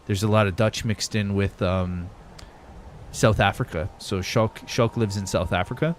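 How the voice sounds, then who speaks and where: A man's voice: low voice, steady tone, moderate pace, soft background music. A young man streaming a game, chatting loosely with viewers, swearing casually and laughing often. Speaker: gaming streamer. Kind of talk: live-stream gameplay chat, reading viewer messages.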